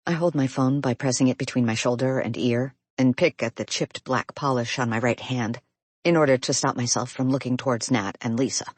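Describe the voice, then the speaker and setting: A woman reading a first-person audiobook in an intimate, expressive storytelling manner. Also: a bass voice, normal speed, husky, dry recording. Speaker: audiobook narrator.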